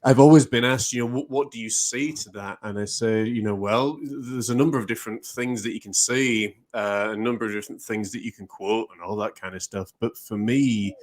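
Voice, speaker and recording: A male host with a fairly low voice talks in a relaxed interview. He speaks reflectively and often pauses on fillers as he gathers his thoughts. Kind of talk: casual interview talk.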